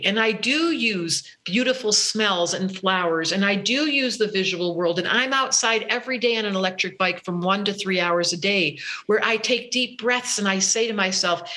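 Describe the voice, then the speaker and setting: Woman spiritual teacher on an interview, bright forward voice, animated, voices her own thoughts. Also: on the high side. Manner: expressive, acts out her own inner voice with laughs. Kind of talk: interview conversation.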